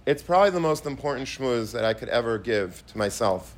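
A man's voice: mid-range voice, expressive, fairly quick. A man, a rabbi, giving an emphatic sermon. He repeats himself, restarts his phrases, and mixes in many Hebrew and Yiddish terms. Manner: emphatic, repetitive, with frequent restarts.

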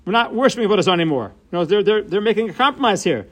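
A man with a fairly high voice teaches a Bible passage verse by verse. He is animated and slows down to lean on key words, working Hebrew terms into his explanation. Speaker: Torah teacher. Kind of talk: text-based Bible lesson.

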